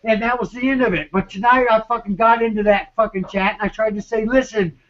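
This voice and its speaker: A man rants urgently over an online voice chat, swearing constantly and stumbling over his words as he repeats himself. His voice sits very high for a man. The audio is dull and lo-fi. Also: steady tone, fast, fairly bright tone. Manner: profane, urgent, repetitive, stammering. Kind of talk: agitated rant.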